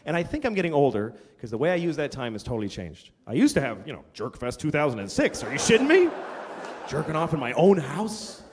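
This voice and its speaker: A middle-aged man doing a stand-up comedy set, ranting and profane, now and then shouting in put-on voices. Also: a little high, big pitch swings, fast talker, few pauses. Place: comedy stage before a live audience. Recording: live hall with long reverb, faint crowd.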